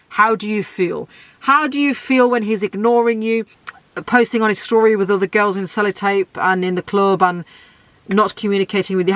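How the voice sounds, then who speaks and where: A woman's voice: a bit bright, no echo. A woman, hosting a solo podcast in a blunt, outspoken, ranting way. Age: 20s. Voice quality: deep voice. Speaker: podcast host.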